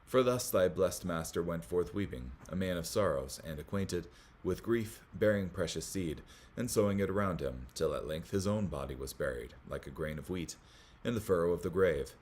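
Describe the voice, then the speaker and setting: With a deep, expressive, somewhat mellow voice, a man guides a Bible study by reading commentary aloud. He keeps a measured delivery, pausing to fix the little mistakes he makes.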